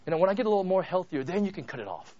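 A man's voice: high-pitched, sing-song, racing, warm tone, lo-fi sound. A man voicing a miserable man bound by lust, who pleads and makes excuses. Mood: pleading. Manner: pleading, bargaining.

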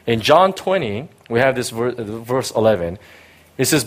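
A man preaching a sermon to a live congregation. He talks in a conversational way, asks "right?" often, and swings from loud emphasis down to hushed tenderness. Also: mid-range voice, lively intonation, moderate pace. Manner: conversational asides, frequent "right?" and "you know". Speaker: pastor.

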